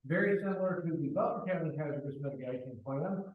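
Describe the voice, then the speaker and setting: A man's voice: a little high, fast. Man on a tinny, echoey line. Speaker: college president giving report. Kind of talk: reading meeting announcements. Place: board meeting room. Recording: distant, echoey, tinny phone-like line with faint hiss.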